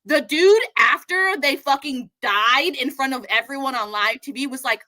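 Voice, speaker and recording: A young adult woman co-hosting a casual livestream show, talking in an animated, profane way and acting out quotes in high shouts. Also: moderate pace. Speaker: podcast co-host.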